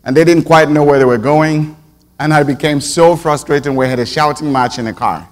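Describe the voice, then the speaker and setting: A man preaching a sermon to his congregation, moving from quiet reflection to emphatic call-and-response. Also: fairly high pitch, normal speed, big-room sound. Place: church sanctuary.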